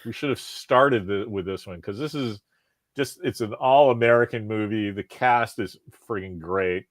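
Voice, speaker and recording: A man hosting a podcast, talking in a rambling, profane, animated way with lots of restarts. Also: on the low side, normal speed, no echo. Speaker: podcast host. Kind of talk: casual chat.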